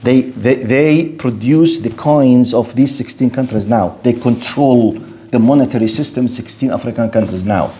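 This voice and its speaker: A man's voice: mid-range voice, moderate pace, mellow. A man who speaks natively, giving a religious lecture in English. He argues animatedly and rhetorically, playing out debates with imagined objectors. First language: Arabic. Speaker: Islamic lecturer.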